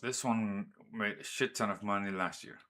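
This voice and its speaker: A man's voice: lowish voice, fairly even intonation, bright, forceful tone. A man with a Danish accent, casually commenting on his game as he sets up train routes. He talks to his trains and swears or exclaims when something goes wrong. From Denmark. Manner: slow and drawn out, thinking aloud while setting up routes. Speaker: gaming streamer.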